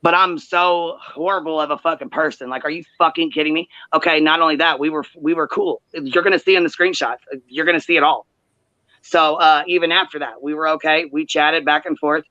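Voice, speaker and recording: A woman hosting a livestream, telling a heated story in profane, animated detail and acting out quoted chats. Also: low voice, brisk, no echo. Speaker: livestream host. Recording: dull lo-fi livestream audio.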